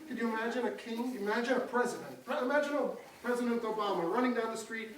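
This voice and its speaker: High-voiced woman telling a story to kids. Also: fast talker. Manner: lively, dramatic, asks the audience questions. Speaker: storyteller for children. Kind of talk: animated storytelling to children. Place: large hall with children. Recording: very echoey hall, far from the mic.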